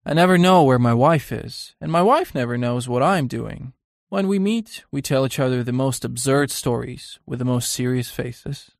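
An amused, cynical young aristocrat, as a man reads him in a storybook reading. He teases and lifts his voice with mock surprise, at an everyday pitch. The recording is dry. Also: lively intonation, normal speed, gravelly, no room sound.

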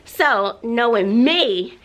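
A woman's voice: a little high, lively intonation, drawn-out words, fairly bright tone, faint music behind. A woman teacher talking casually to the camera in a classroom, ranting expressively with frequent sighs and laughs. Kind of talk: casual vlog talk to camera.

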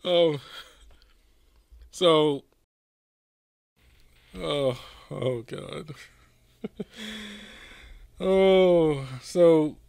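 Guy cracking up over a game, bright voice, swings up and down a lot, unhurried. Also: high-pitched, very animated. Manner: laughing, incredulous, exclaiming. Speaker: gaming video creator. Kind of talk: playful game commentary.

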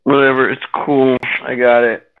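A man's voice: mid-range voice, level tone, normal speed, smooth. Man, tabletop player, hesitant, self-mocking, casual swearing, tinny phone-like audio. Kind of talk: playing a tabletop game online. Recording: tinny phone-like voice chat line.

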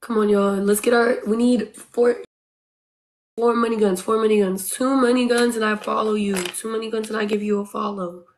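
A woman's voice: medium pitch, steady tone, normal speed. A woman streaming live, eagerly urging her viewers on and thanking them by name in casual chatter. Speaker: livestreamer.

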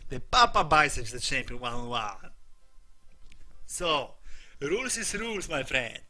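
A young man with a Polish accent, a streamer chatting casually in broken English, forever tagging his lines with "my friend" and swinging between mumbled asides and loud outbursts. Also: medium pitch, big pitch swings, measured pace, soft background music.

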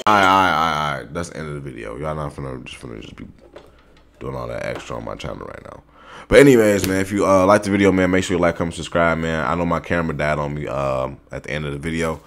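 A young man hosting a reaction video, talking in a casual, slangy, excitable way straight to his viewers and to the video on screen. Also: rumbling low, fast talker, vocal fry.

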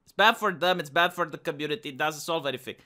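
Speaking fast in a slightly high, sharp-toned voice, this Romanian man streams a casual, argumentative monologue in his Romanian accent. He keeps restarting, repeating words each time.

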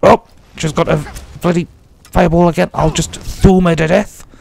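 A man rambles cheerfully over his gameplay, joking and talking to himself. His voice sits a touch high and has a gravelly, creaky edge. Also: fairly even intonation, normal speed, a little mellow. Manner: chatty, jokey, talks to himself while playing. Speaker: let's play host. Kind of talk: casual gameplay commentary.

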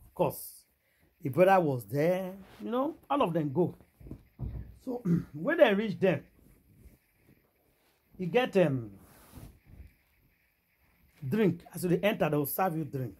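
Blending Pidgin and English, a Nigerian-accented woman recounts gossip in a casual vlog, full of animation and exclamations. She speaks in a low, husky voice.

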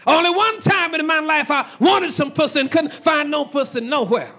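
A man telling a raunchy stand-up story with a loud, shouting delivery. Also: extremely high pitch, moderate pace. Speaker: stand-up comedian.

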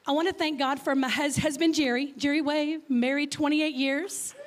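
Speaking as a guest at church, this fifty-something woman from Texas keeps things chatty, stutters slightly and keeps asking the congregation questions. She has a high voice with fairly even intonation and talks at normal speed.

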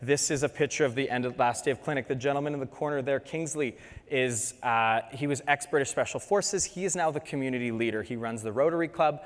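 A man's voice: medium pitch, fast. Canadian man lecturing in a reverberant hall. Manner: chatty and joking, animated asides. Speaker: dentist giving a presentation. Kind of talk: lecture to dental students.

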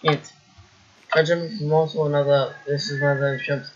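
A woman's voice: low-pitched, little pitch movement, normal speed, lo-fi sound. A woman giving casual let's play commentary, full of exasperated exclamations and self-mocking remarks. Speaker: gamer playing a parkour map.

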